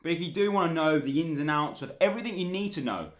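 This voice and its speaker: A man's voice: on the high side, animated, fast. A young man, talking in a chatty, rambling and sweary way in a casual travel vlog. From England. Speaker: vlogger.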